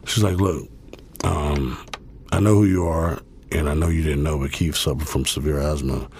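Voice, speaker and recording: A man's voice: extremely low pitch, normal speed, a little mellow, a little hiss or hum. A man guest telling a long story in a laid-back, profane way, full of fillers. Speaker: interview guest. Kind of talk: casual storytelling.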